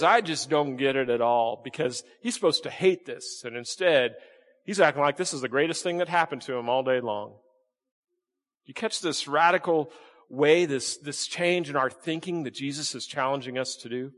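A man preaching a sermon as pastor, folksy and talking to the congregation, with sudden jumps into high acted-out voices. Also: normal speed, a bit bright. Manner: folksy, acts out voices with big pitch jumps. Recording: echoey hall reverb.

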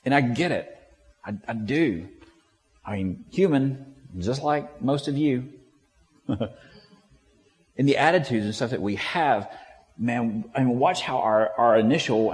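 Man preaching, casual and conversational, acts out quotes, mid pitch, long hall reverb. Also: darkish tone. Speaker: pastor. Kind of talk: sermon.

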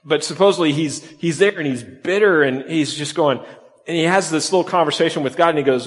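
A man delivers a conversational sermon, lifting his voice and then letting it sink low to drive points home. His voice sits a little high for a man. The sound carries a long hall reverb. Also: fairly quick. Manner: conversational preaching, voice rising and dropping for emphasis. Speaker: pastor.

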